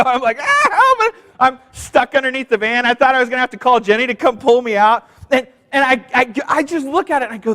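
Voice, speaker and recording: A middle-aged man is preaching to a congregation, his voice sitting unusually high for a man. He tells personal stories, acting out the people in them and asking the room for an amen. A long church-hall reverb trails behind every phrase. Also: fairly bright tone. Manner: storytelling, calls out to the congregation; acts out voices in anecdotes. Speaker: pastor. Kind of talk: sermon. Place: church sanctuary.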